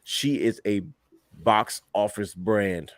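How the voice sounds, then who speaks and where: Low-voiced man, emphatic podcast talk. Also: slow pace, no room sound, studio quality. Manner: animated, emphatic, repeats words when pushing a point. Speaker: podcast co-host. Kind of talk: casual wrestling podcast talk.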